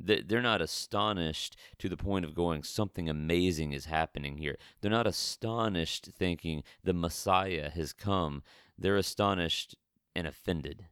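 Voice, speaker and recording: Man preaching, very deep voice, smooth and clear, dry close sound, conversational, stumbles and restarts. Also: measured pace, fairly bright tone, dry recording. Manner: conversational, with frequent restarts and stammered repeats. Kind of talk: sermon-style Bible teaching.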